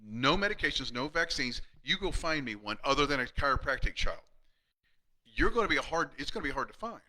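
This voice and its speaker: A man in his fifties speaks with a very bright, forceful tone at a middle pitch. He gives an earnest, emphatic live talk to fellow practitioners, stumbling and restarting often and dropping to a hushed, quieter delivery when he retells stories. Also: big pitch swings, fairly quick, low-quality recording. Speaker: chiropractor speaking to fellow chiropractors. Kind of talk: live-streamed motivational talk.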